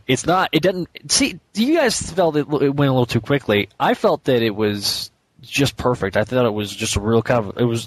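A man co-hosting a podcast, talking eagerly about a comic issue with many restarts and easy laughter. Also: lowish voice. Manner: enthusiastic, stumbling restarts, laughs easily. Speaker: podcast co-host. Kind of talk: casual comic book review chat.

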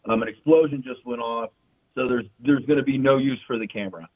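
Casual, profane man on a tinny line. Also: mid-range voice. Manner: casual, profane, fast storytelling with frequent fillers. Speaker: military veteran guest. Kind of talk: casual storytelling. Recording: tinny phone-like sound.

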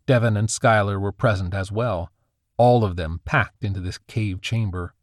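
A man giving a steady, scripted audiobook narration. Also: lowish voice, moderate pace, dry recording, studio quality.

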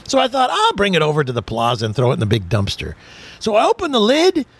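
Animated older man telling a jokey story. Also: fairly high pitch, fast talker, breathy edge, no echo. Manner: jokey, storytelling, laughs often. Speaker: radio car show host. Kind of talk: casual chat.

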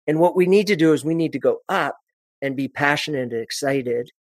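A man with a slightly high voice talks through presenting in an animated, expressive way, often restarting his sentences mid-thought. His voice is recorded dry and close, with no room sound around it. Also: fairly quick, dry recording. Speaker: presentation coach guest. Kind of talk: conversational podcast interview.

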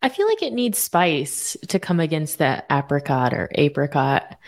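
Female co-host, lowish voice with heavy fry, casual chat. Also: big pitch swings, moderate pace. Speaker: co-host, financial educator. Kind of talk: casual banter on a money show.

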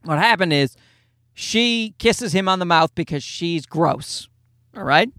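A man's voice: high voice, lively intonation, a little slow, fairly bright tone, no room sound, clean studio sound. A man, a father, casually telling a rambling, self-mocking anecdote in a jokey monologue.

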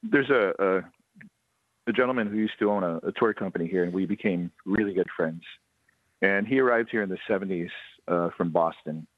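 A man, a ghost tour guide telling a ghost story on a radio interview in a steady, unhurried way. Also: deep voice, no echo. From Hawaii. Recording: dry, tinny phone line.

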